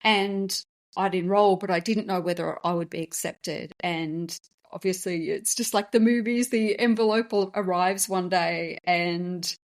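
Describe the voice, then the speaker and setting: A woman's voice: lowish voice, steady tone, measured pace. A woman hosting a podcast, telling a personal story in a candid, emotional, conversational way. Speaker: podcast host and business founder.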